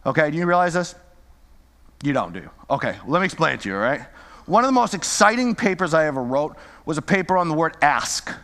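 Man, high voice, lively sermon teaching, checks in with listeners, long reverberant hall. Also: fast talker. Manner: lively, keeps checking in with listeners with "right?" and "okay?". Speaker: Bible teacher.

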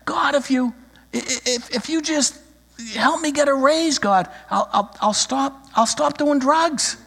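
A man's voice: extremely high pitch, unhurried, vocal fry, a bit bright, pitched above the performer's own voice, exaggerated voice. A preacher voicing a man who stammers as he tries to bargain in prayer. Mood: pleading bargaining. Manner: stammering, pleading.

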